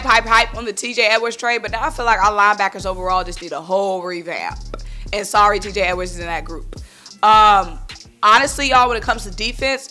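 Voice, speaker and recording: A woman from talks football in a casual vlog, blunt and animated as she addresses her viewers directly. Her voice is bright and forceful at an ordinary pitch, and soft music plays faintly underneath. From Philadelphia. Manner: animated, worked-up, blunt, speaks to viewers as y'all. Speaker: sports vlogger. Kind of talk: casual sports opinion vlog.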